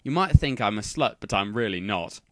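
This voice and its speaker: A man reading fan fiction aloud for comedy, dropping deadpan sarcastic asides. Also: on the low side, normal speed, no room sound, clean studio sound.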